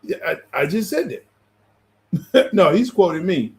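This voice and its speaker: A man talking sports with a co-host in loose, casual banter, his voice sitting a little higher than most men's. He is blunt and teasing, laughing easily as he trades jabs and pushes his takes. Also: sing-song, measured pace, a little mellow.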